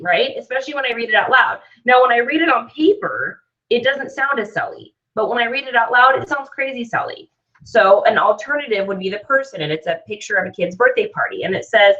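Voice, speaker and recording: A woman's voice: medium pitch, animated, normal speed, bright, forceful tone. A woman hosting an online business training, talking in an upbeat, chatty way and often checking in with "right?". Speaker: host and sales trainer. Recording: dull lo-fi sound, slightly distant mic.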